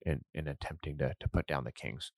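A man's voice: very deep voice, fairly even intonation, a little fast, creaky, no room sound, clean studio sound. A man hosting a casual hockey podcast, an enthusiastic fan who rambles and restarts his sentences. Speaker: podcast host.

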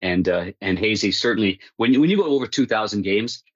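Appearing as an interview guest, a hockey broadcaster tells long stories in a lowish, animated voice, speaking fast. He stumbles, restarts and laughs at his own punchlines, and the dry, echo-free sound is dull and muffled like a remote line.

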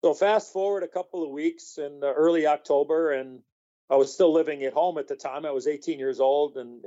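Man, rambling storyteller, slightly high voice, mellow tone, dull lo-fi recording. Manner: rambling, many fillers and restarts. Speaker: guest, former hockey player. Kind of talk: storytelling in a podcast interview.

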